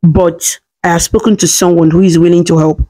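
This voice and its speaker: A woman's voice: fairly low pitch, flat delivery, fairly quick, mellow, close to an everyday voice. A woman voicing a fierce young mother who speaks with urgent determination to protect her twins. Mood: soothing.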